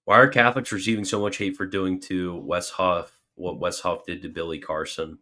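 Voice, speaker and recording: Reading viewer questions from super chats, a livestream host responds first with joking mock alarm and then with an earnest answer in this casual Q&A. His low voice has a level tone and normal speed, and it sounds pushed and bright.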